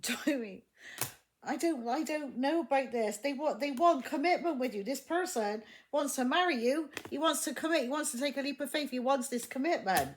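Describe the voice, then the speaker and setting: A woman's voice: high voice, lively intonation, fairly quick, slight background noise. A woman giving a casual tarot reading, blunt and exasperated, swearing heavily and laughing often. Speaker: tarot reader.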